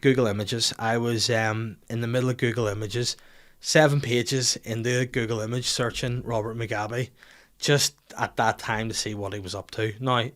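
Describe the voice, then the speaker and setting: A man's voice: medium pitch, steady tone, moderate pace, fairly bright tone. A man hosting a podcast, telling crude, self-mocking stories in a rambling casual monologue full of restarts. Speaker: podcast host.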